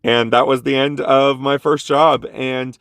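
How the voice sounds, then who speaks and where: A man's voice: mid-range voice, a little slow, clear, resonant tone, no echo, studio quality. A man telling a casual story about a bad job to his vlog audience, jumping into the voices of the people in it. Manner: animated, jumps into quoted voices. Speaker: vlogger.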